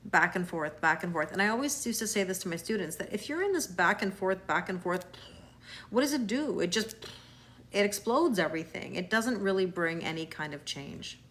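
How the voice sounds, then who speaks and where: A Canadian tarot reader with a mid-range, fairly bright voice runs a live tarot stream, greeting viewers and answering them as she goes. She's chatty and reassuring, though she often trips over her words and restarts.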